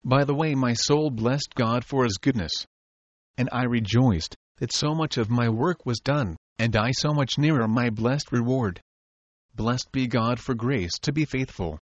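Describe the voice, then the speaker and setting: A man's voice: medium pitch, no room sound, dull audio. Solemn man reading an old diary. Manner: measured, solemn, devout reading. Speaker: audiobook narrator.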